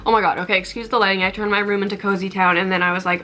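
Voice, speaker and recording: A woman's voice: mid-range voice, fairly even intonation, very fast, pushed and bright, a little hiss or hum, poor audio. A young woman in her twenties chatting casually to camera at home, rambling and self-deprecating. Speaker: vlogger. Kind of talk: casual vlog chat to camera. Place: home kitchen and bedroom.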